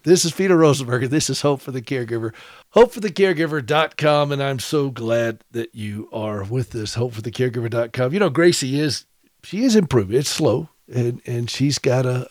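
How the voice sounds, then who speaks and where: A man's voice: mid-range voice, darkish tone, no room sound, clean studio sound. Folksy middle-aged male radio host. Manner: folksy, chuckling storyteller. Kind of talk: casual monologue, storytelling.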